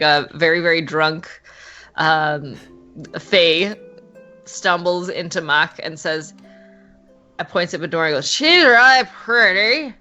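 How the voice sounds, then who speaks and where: Woman GM, chatty narrator, fillers and laughs, slightly low, bright tone. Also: dull audio. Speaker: game master. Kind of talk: narrating a tabletop game.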